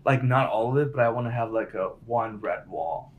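Laid-back male guest, mid pitch, slight hiss behind him. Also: moderate pace. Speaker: podcast guest. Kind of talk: casual chat.

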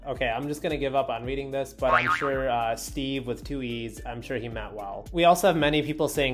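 A man's voice: mid-range voice, fairly quick, hardly any pauses, faint music behind. Wry man joking through an article. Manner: wry, joking asides while reading aloud. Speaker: video host reading an article. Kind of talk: casual comedic commentary.

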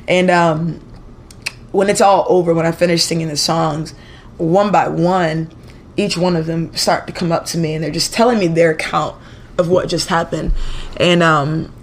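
A woman's voice: low voice, creaky, a little hiss or hum. A woman telling a story as a guest singer on a podcast interview, chatty and rambling, full of "like" and "you know".

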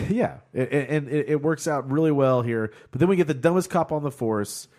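A man's voice: fairly high pitch, moderate pace, darkish tone. This is a man from Oklahoma talking through a TV episode on a casual podcast, rambling along with plenty of fillers and restarts. He laughs often as he recaps scenes for his co-hosts. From Oklahoma, United States. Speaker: podcast co-host.

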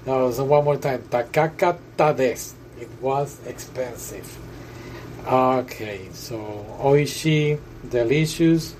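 A man's voice: medium pitch, slow pace, darkish tone, a little hiss or hum, low-quality recording. A man working through a language app lesson, chatty and often repeating and correcting himself. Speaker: language tutor. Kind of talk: casual lesson walkthrough.

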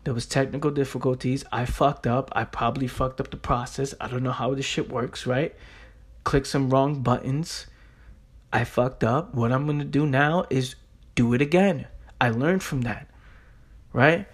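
A man's voice: medium pitch, normal speed, slightly rough. A man hosting a motivational podcast monologue. He talks bluntly, swears, repeats points for emphasis and keeps checking in with "right?". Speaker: podcast host.

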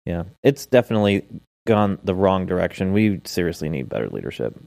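A man's voice: sits low, big pitch swings, brisk, gravelly, a little mellow, no echo. A man hosting a casual talk show, steering topics and reading out statistics. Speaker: host. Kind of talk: casual chat.

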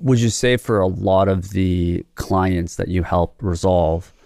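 Podcast host: man, low voice, curious and attentive, dry close sound. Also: level tone, slow pace, gravelly, mellow, no echo. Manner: attentive, short affirmations, curious questions. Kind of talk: interview conversation.

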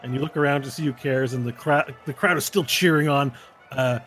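A man's voice: mid-range voice, steady tone, fairly quick, a bit bright, soft background music. A man running a tabletop game as game master, checking rules and narrating the action in a playful way.

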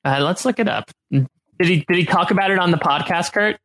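A man's voice: high voice, brisk, fairly bright tone. A man hosting a casual chat, quizzing his co-hosts and reading aloud in a playful way. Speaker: podcast host.

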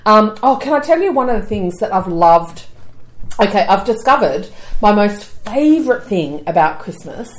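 A woman's voice: mid-range voice, big pitch swings, normal speed, poor audio. A woman in her forties co-hosting a podcast in casual chat, chatty and playful, laughing often. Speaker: podcast co-host.

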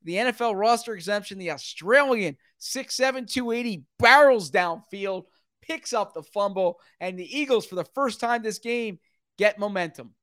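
Smooth higher-voiced man calling football. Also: no room sound, studio quality. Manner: brisk, rising sharply with excitement at big plays. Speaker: play-by-play announcer. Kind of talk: live football play-by-play commentary.

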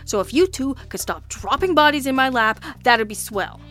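A loud, exasperated police lieutenant barks and blusters at the two suspects across the interview table, as a woman reader puts him on. His voice is raised and pushed, testy and short of patience. Faint music plays under the reading. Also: mid-range voice, expressive, fairly quick, close to an everyday voice. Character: gruff blustering male homicide lieutenant. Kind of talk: audiobook character voice.

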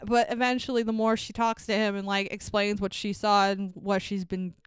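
A woman casually recapping a movie, swearing freely and acting out the characters' lines with lively energy. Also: mid-range voice, moderate pace, clean tone, no room sound. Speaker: podcast co-host.

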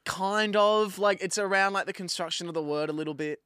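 A young man, co-hosting a podcast, teasing his friend and slowly dragging out riddle clues. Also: sits high, pushed and bright, smooth, no echo, clean studio sound. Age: young adult. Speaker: podcast co-host. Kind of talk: casual banter.

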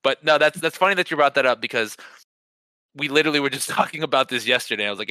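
A man talking sports on a podcast in an excited, animated voice that is very bright and forceful. He often stumbles over his first words and repeats them before pushing on. The sound is close and dry, with no room around it. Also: mid-range voice, quick pace, no echo. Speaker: podcast co-host. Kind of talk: casual sports chat.

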